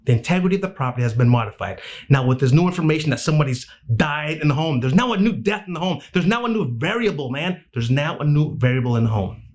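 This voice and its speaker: A man teaching real estate agents, telling stories and acting out the dialogue in a lively, casual way. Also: medium pitch. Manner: animated, acts out dialogue, swears casually. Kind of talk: energetic teaching with storytelling.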